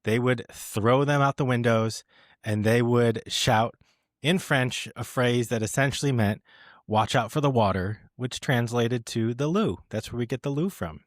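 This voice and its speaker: A man co-hosts a casual podcast, trading jokes and spinning little stories in an easygoing, teasing way. His voice sits at an ordinary middle pitch. The sound is dry and close. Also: unhurried, no room sound. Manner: playful, teasing, storytelling. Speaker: podcast co-host. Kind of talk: casual chat.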